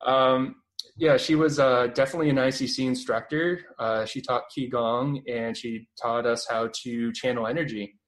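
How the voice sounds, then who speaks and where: A man's voice: medium pitch, fairly even intonation, normal speed, rough recording. Young Canadian man, rambling with fillers. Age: 20s. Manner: rambling, many fillers and restarts. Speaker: guest. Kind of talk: casual radio interview.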